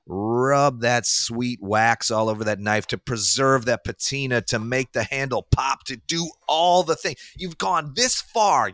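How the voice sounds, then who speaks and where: A man hosting a podcast, reading sponsor plugs in a hyped salesman pitch with big swoops up and down. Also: fairly bright tone, dry recording, studio quality. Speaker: podcast host. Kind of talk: casual chat with read sponsor ads.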